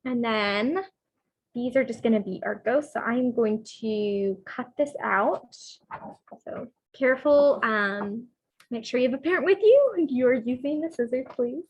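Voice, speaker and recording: A woman's voice: on the high side, measured pace, husky. A woman presenting a children's program, reading a storybook aloud and then explaining a craft step by step. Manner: gentle, instructive, with fillers.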